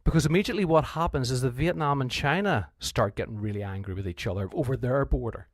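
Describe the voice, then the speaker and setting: A Northern Irish man teaches history in a relaxed, conversational revision lecture. He restarts sentences and slips into quoted voices as he explains. His voice sits mid-range, recorded close in a dry space. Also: mid-range voice, fast, dry recording.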